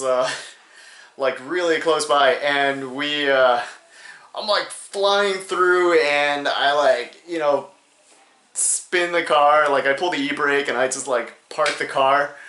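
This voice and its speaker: A man's voice: medium pitch, bright, forceful tone. Rambling young man in a roomy room. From New Hampshire, USA. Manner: rambling, many fillers, laughs between phrases. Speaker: storyteller. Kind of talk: casual comedic storytelling. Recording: roomy echo.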